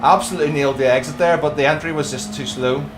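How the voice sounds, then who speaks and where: A man livestreaming a racing game, giving excitable, self-critical commentary while greeting viewers. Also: on the high side, quick pace. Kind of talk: live gameplay commentary. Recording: noisy stream audio with car engines. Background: racing game engine sounds.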